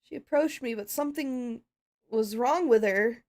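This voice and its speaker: A frightened pony mare with a Southern US drawl, voiced by a woman. She pleads in a high, slow, earnest voice. A game voice-over for a cartoon pony. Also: darkish tone. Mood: shaken.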